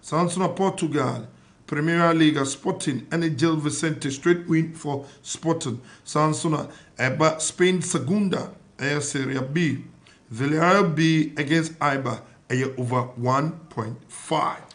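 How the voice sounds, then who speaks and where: A man's voice: on the high side, a little slow, a bit bright. A man with a Ghanaian accent on a radio sports panel, reading out football fixtures and predictions one after another, mixing Twi and English. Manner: reads fixtures and predictions list by list. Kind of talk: reading betting tips on radio.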